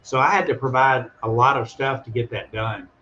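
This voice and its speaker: A man's voice: mid-range voice, moderate pace. Man, casual storytelling, acts out voices, dull lo-fi sound, faint hiss. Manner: animated, acts out voices in his stories. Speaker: guest calling in.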